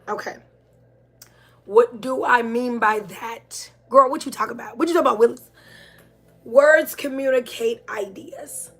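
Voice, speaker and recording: A middle-aged woman hosting a podcast, talking through ideas in a reflective, conversational way with many fillers and restarts. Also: fairly high pitch. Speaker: podcast host. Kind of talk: casual spiritual monologue.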